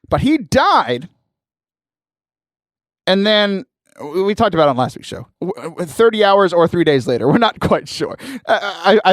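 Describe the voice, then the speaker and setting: Animated man telling a story. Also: a little high, dry recording, clean studio sound. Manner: animated, laughing often, mimics voices in anecdotes. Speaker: podcast host. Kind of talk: casual storytelling.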